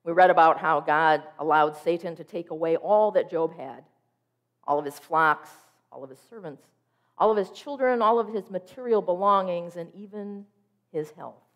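A woman preacher delivering a sermon, telling a personal story in a vivid, expressive way. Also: on the low side, moderate pace.

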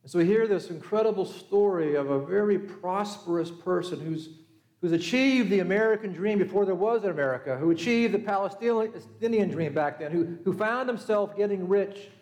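A middle-aged man preaches to his congregation with a notably high, bright voice. He tells the story in a relaxed, conversational way and slips into the voices of the people in it. The church around him is roomy and echoing. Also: moderate pace. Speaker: pastor. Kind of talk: sermon.

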